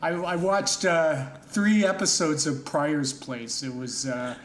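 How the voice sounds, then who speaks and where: A man's voice: a little high, fairly even intonation, takes it slowly. Hesitant male podcast host, echoey room. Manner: loose, hesitant, joking. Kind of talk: casual chat.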